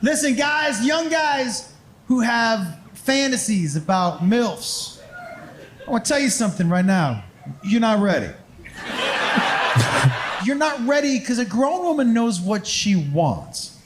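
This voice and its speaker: A man's voice: very high voice, expressive, slow, pauses often, background noise. A man telling a stand-up story on stage, acting out other people's voices and sound effects. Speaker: stand-up comedian. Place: live comedy club.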